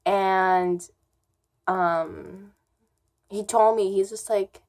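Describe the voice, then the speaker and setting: A woman's voice: mid-range voice, steady tone, very slow, a little mellow. A young woman vlogger telling a story time in a casual, rambling way, full of fillers.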